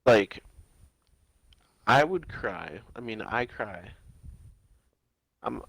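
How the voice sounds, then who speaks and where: A man's voice: medium pitch, lively intonation, extremely slow, creaky, a bit bright, dry recording. A young man co-hosting a podcast in casual chat, speaking earnestly and hesitantly, often restarting his sentences. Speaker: podcast co-host.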